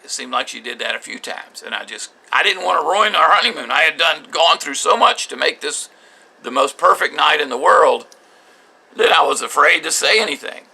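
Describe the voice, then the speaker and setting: Gravelly, forceful older man. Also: a little high. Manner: bitter, halting, with frequent restarts. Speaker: vlogger recounting his marriage. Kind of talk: personal spoken journal.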